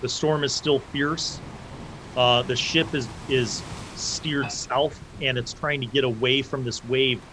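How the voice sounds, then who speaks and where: A man's voice: medium pitch, fairly even intonation, slow, background noise. Man running a tabletop game. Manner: vivid, loose descriptions that act out side characters. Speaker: game master.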